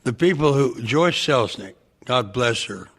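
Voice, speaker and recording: A male actor as a podcast guest, telling rambling, excitable anecdotes and breaking into loud laughs. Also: medium pitch, unhurried.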